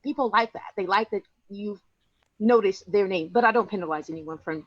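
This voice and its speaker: A woman tells a casual story over a video call. Her laptop audio sounds dull and dry, with no room around it. She speaks in a chatty, animated way. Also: mid-range voice, a little fast, dry recording. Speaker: participant in an online workshop.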